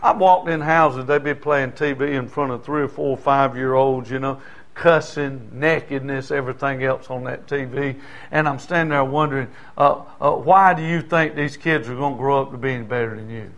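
A man's voice: medium pitch, steady tone, normal speed, a bit bright. An older man preaching a sermon in a folksy, conversational way, often asking the congregation "Amen?". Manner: folksy, conversational preaching with call-and-response asides.

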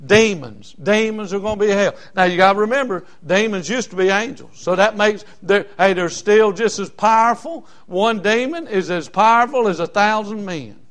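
Fervent high-voiced preacher. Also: male voice, moderate pace, few pauses, a bit bright. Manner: fervent, repetitive, many fillers. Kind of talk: sermon.

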